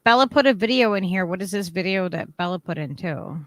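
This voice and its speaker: A woman's voice: lowish voice, lively intonation, fairly quick, fairly bright tone, dry recording. A woman hosting a casual chat, talking loosely with lots of "like" and free swearing. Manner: casual, frequent "like", swears freely. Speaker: host.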